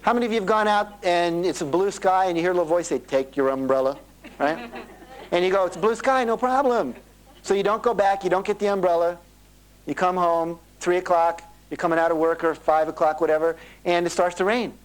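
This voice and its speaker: A man's voice: sits high, quick pace, poor audio. A middle-aged man speaking at a live motivational seminar, telling stories and acting out the voices of the people in them, from an old cassette tape. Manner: animated storytelling, acting out quoted voices.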